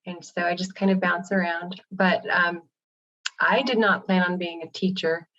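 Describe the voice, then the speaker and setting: A woman's voice: on the low side, fairly even intonation, moderate pace, a bit bright. Matter-of-fact woman on lo-fi audio. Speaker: high school art teacher, panel guest. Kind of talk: casual panel chat. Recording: dull lo-fi audio.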